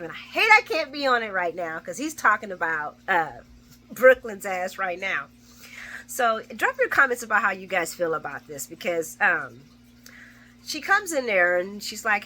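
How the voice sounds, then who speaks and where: Bright-voiced woman recapping a soap. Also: mid-range voice, a little hiss or hum. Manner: animated, swears freely, acts out characters' lines. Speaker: soap opera recap vlogger. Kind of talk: casual spoken recap.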